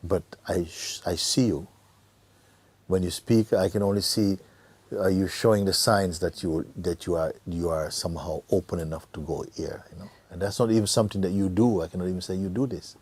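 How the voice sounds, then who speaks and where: A middle-aged man giving a gentle satsang talk as a spiritual teacher, often dropping to a near whisper and laughing easily. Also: low-pitched, steady tone, fairly quick, breathy edge, dry recording. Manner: laughs easily, joyful and earnest.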